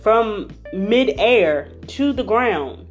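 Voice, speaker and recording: A young woman telling a personal story in a lively, conversational, slangy way. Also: medium pitch, extremely slow, faint music behind. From Philadelphia.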